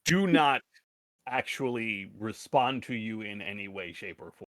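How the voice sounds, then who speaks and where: Bright-voiced man running a tabletop game. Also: lowish voice, animated, measured pace, no echo, studio quality. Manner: casual, rambling, with frequent restarts and laughs. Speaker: game master. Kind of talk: narrating a tabletop game online.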